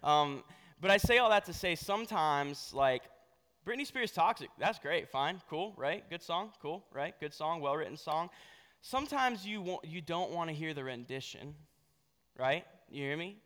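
A man's voice: a little high, expressive, normal speed, a bit bright, smooth. A young adult man giving a casual sermon as a pastor, telling a story and often checking in with "right?". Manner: conversational, asks "right?" often. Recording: long hall reverb.

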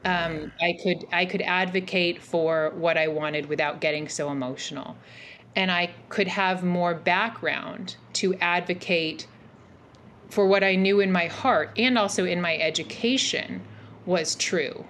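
A woman in her forties telling a personal story as a podcast guest, animated and rambling, with many fillers and restarts. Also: fairly low pitch, unhurried, a little hiss or hum. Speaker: podcast guest, mental health practitioner. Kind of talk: casual interview storytelling.

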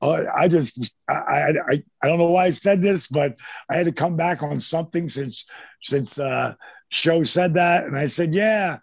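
A man's voice: on the high side, normal speed, vocal fry, slightly rough, no room sound, muffled recording. An older man, a former pro wrestler, telling rambling, profane stories as an interview guest, with lots of restarts. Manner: rambling, profane, animated storyteller with many restarts. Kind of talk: casual storytelling.

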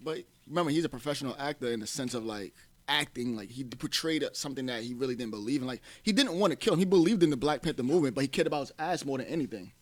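A man co-hosting a podcast in a relaxed, slangy casual chat. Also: mid-range voice, rapid-fire. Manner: relaxed, slangy, says bro a lot.

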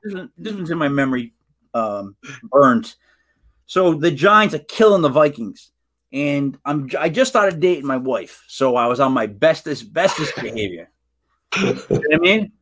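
A man co-hosting a casual sports podcast, an animated storyteller who acts out what people said. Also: a little high, normal speed. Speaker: podcast co-host.

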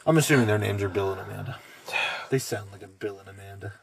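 A man's voice: fairly low pitch, quick pace, vocal fry, a little hiss or hum. A man co-hosting a podcast in casual chat, reading posts aloud and ranting with lots of profanity and mocking voices. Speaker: podcast co-host.

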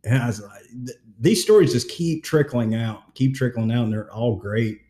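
A man's voice: mid-range voice, normal speed, roomy sound. A man hosting a casual sports podcast, retelling stories and acting out quotes. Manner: animated storyteller, acts out quotes. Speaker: podcast co-host.

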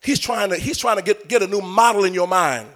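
Man, preacher, high voice, sing-song sermon cadence, shouting at peaks. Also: brisk. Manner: talks directly to the congregation.

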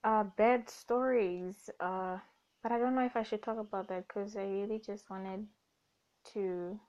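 A woman's voice: mid-range voice, fairly even intonation, unhurried, darkish tone. A young woman hosts a casual, rambling podcast monologue. She self-corrects, jokes and laughs often. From Namibia. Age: young adult. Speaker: podcast host. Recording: dull lo-fi recording.

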